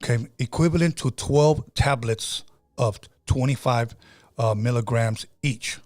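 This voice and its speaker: A man's voice: medium pitch, a little slow, a little mellow, faint music behind. A middle-aged man hosting a podcast, telling stories in a casual, conversational way with frequent fillers and restarts. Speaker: podcast host.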